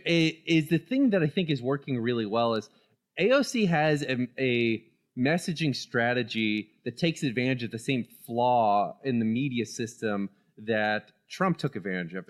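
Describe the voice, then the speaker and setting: A man's voice: medium pitch, lively intonation, normal speed. A man co-hosting a casual political podcast, talking animatedly and laughing often. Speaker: podcast co-host.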